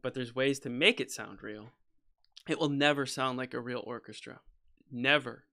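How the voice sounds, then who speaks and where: Man, bright tense voice, casual livestream chatter, rambling, opinionated, lots of restarts, home studio. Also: mid-range voice, moderate pace, creaky. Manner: rambling, restarts often, says "freaking" and "you know"; opinionated, goes off on a soapbox. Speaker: composer streaming a session. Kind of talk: casual livestream talk while working.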